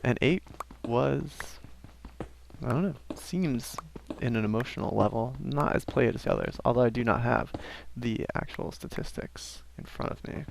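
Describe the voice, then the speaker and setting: Casual gameplay commentator, young man, mid-pitched and gravelly, rambling with offhand asides. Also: slight background noise. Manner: rambling, self-aware asides. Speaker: gaming commentator. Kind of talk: casual let's-play commentary.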